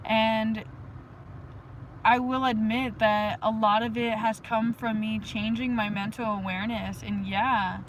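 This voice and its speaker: A woman's voice: fairly high pitch, flat delivery, measured pace, a little hiss or hum, poor audio. A young adult woman hosting a livestream, rambling casually about spirituality with frequent giggles and bursts of chanting. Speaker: livestream host.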